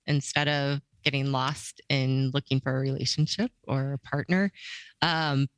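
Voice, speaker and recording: A woman life coach as a podcast guest, relaxed and rambling, often laughing. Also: sits low, smooth, dry recording, poor audio. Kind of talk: casual interview chat.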